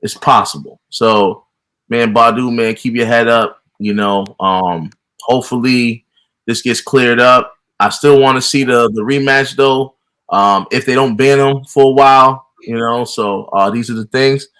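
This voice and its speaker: A man's voice: mid-range voice, steady tone, unhurried, a bit bright, clear, resonant tone. A man on a boxing podcast talks in a laid-back, joking way. His speech is loose and casual and full of fillers. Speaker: podcast co-host.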